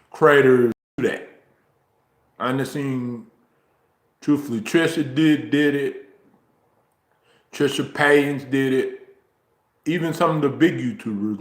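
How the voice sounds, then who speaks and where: A man talking casually on his livestream, rambling slowly and filling pauses with ums. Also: medium pitch, steady tone, fairly bright tone, roomy sound. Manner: slow, drawn-out, rambling talk with frequent ums. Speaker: YouTuber streaming a chat. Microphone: phone, recorded while walking.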